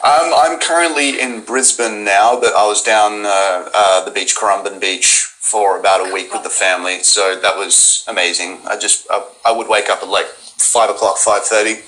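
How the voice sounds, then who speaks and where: A man's voice: on the low side, moderate pace, few pauses, rough recording. An Australian man chatting as an actor guest on a livestream, friendly and easygoing. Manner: friendly, easygoing, relaxed storytelling. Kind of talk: casual interview chat.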